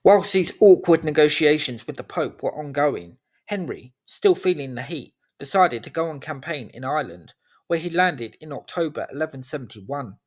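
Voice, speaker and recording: A man giving scripted history narration in a measured, even storytelling delivery. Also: on the high side.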